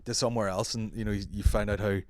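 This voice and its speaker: A man's voice: on the low side, steady tone, very fast, darkish tone, dry recording, clean studio sound. An Irish man hosting a solo podcast, joking and swearing, and slipping into mock accents. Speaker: podcast host.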